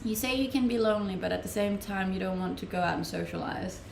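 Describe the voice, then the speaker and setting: A woman's voice: mid-range voice, quick pace, creaky, a little mellow, slight background noise. A young woman from Denmark with a Danish accent, chatting casually on a live stream and answering viewers' questions, laughing often. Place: room at home, streaming. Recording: roomy home-mic sound.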